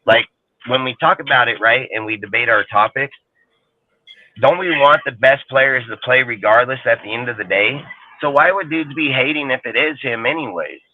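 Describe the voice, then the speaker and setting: A man's voice: mid-range voice, normal speed, slight background noise. A man talking football on a casual sports talk show, rambling, profane and heated. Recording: tinny phone-like line, dry.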